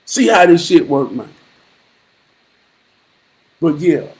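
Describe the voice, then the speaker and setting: A man talking slowly into a live stream, his voice sitting noticeably high for a man. He preaches with blunt profanity and repeats phrases in a rhythmic, sermon-like way, now and then breaking into a shout. His drawn-out pacing gives it a lingering, heavy feel. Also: very animated. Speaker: livestream host. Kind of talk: motivational live-stream monologue.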